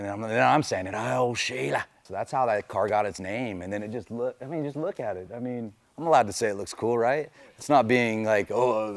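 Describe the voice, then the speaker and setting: A middle-aged man with a low, gravelly voice, a race car driver talking through his stories in relaxed conversation. He rambles easily and leans on "you know" at every turn. The sound is close and dry. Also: no echo. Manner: loose and chatty, full of "you know" fillers. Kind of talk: casual storytelling interview.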